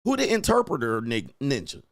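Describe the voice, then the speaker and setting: A man in his forties holds forth on his own show in a loose, slangy monologue, laughing as he goes. His voice sits at an ordinary middle pitch. It sounds close and dry, with no room around it. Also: wildly swooping pitch, brisk, no echo. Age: 40s. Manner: crude, riffing, laughs often, slangy. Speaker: host. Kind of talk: casual commentary monologue.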